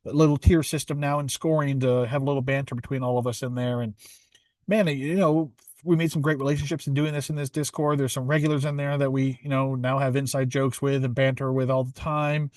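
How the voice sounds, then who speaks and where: A man's voice: mid-range voice, fairly even intonation, a little fast, darkish tone, no room sound. A man co-hosting a golf betting podcast, chatting casually and upbeat with many fillers and restarts. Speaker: podcast co-host.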